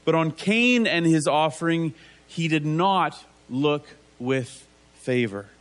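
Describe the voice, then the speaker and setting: A man's voice: on the high side, animated, slow. A man preaching a conversational sermon, asking rhetorical tag questions and acting out biblical figures in casual voices.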